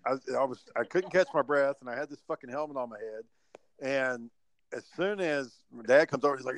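A man tells a story in a casual podcast chat, swearing freely and acting out lines he once said. His mid-range voice moves fast and stays animated.

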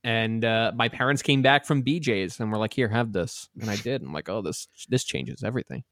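A man co-hosting a casual comedy podcast, making wry, profane, deadpan remarks. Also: on the low side, a little fast, no room sound, clean studio sound. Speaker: podcast co-host.

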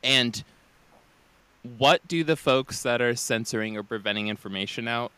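A man co-hosting a casual podcast chat, animated and profane, acting out comic bits. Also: mid-range voice, clean tone. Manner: animated, swearing, acts out bits. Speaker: podcast co-host.

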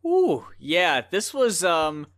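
A man's voice: high voice, huge pitch swings, slow pace, fairly bright tone. A man co-hosting a casual music review podcast, ranting with profane, exasperated mock outrage. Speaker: podcast co-host.

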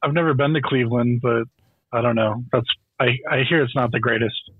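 Husky man on a dull, dry mic. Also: medium pitch, a little fast, dry recording. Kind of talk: casual movie podcast chat.

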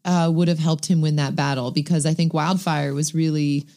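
Low-voiced woman in casual chat. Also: steady tone, normal speed, dark tone. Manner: thoughtful, rambling with frequent restarts. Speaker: podcast co-host.

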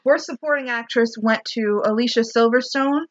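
A woman co-hosting a casual podcast chat, sarcastic and quick to swear and laugh. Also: fairly high pitch, muffled recording. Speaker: podcast co-host.

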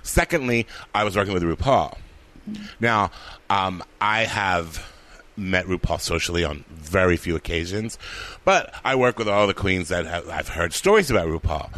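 Animated man telling stories, low voice. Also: measured pace. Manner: animated storyteller, acts out quoted voices. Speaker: actor and comedian guest. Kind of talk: casual conversation.

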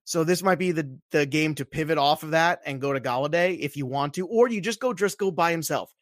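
Guy on a fantasy football pod, kinda high voice, super dry mic, keeps hammering his picks. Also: brisk, no room sound. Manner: animated, emphatic, repeats himself for emphasis. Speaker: fantasy football podcast co-host. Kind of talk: casual sports betting chat.

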